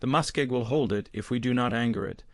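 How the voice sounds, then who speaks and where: A man voicing a weathered older Finnish swamp foreman who speaks slowly and calmly with a Finnish accent. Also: mid-range voice, no room sound, close to an everyday voice. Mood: patient. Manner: slow, calm, deliberate.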